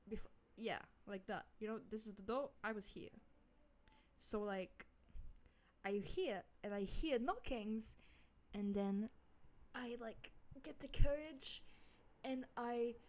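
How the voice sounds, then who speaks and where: A young woman in her home office telling a casual story-time tale into a desk microphone, rambling and swearing freely with lots of "like". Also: medium pitch. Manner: rambling, swears a lot, heavy use of "like". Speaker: vlogger. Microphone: studio microphone at desk.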